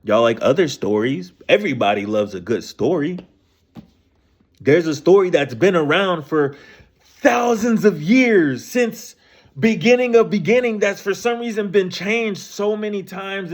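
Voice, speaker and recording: A man, ranting casually about scripture in a profane, animated way, full of repeated rhetorical questions. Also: high voice. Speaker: streamer discussing scripture.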